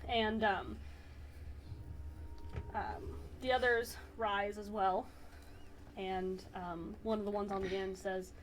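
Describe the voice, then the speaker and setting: A woman's voice: mid-range voice, fairly even intonation, slow, pauses often, a little hiss or hum, low-quality recording. Rambling woman game master. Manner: rambling, many fillers. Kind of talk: narrating a tabletop game.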